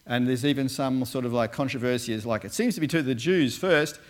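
A man's voice: medium pitch, brisk. A man who once worked as a Bible translator, giving a casual sermon and talking through slides with many fillers and restarts. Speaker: preacher, former Bible translator.

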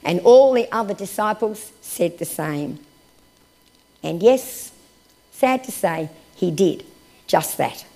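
Expressive woman preacher, hushed to lively. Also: mid-range voice, creaky. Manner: expressive, swinging from raised emphasis to hushed, slow phrases. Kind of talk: sermon with scripture reading.

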